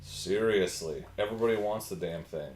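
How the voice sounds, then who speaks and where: A man's voice: fairly low pitch, normal speed, darkish tone, reverberant. A man hosting a casual livestream, chatting and answering viewer comments from his home computer. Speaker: livestream host.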